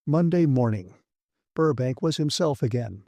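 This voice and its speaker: A man reading a classic science fiction audiobook with brisk, vivid storytelling. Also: medium pitch, expressive, warm tone, no room sound, clean studio sound. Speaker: audiobook narrator. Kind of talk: scripted narration.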